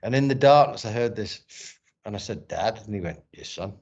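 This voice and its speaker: The recording sounds dull and lo-fi. A middle-aged man, a former boxer and actor appearing as a podcast guest, tells a personal story in a casual interview, his lowish voice slightly fast and somewhat mellow. He is candid and emotional and swears often.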